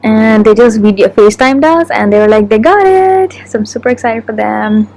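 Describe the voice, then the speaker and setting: A woman vlogging casually, chatting excitedly and talking straight to her viewers. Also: a little high, normal speed, faint music behind, low-quality recording. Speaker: lifestyle vlogger. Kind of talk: casual vlog narration to camera.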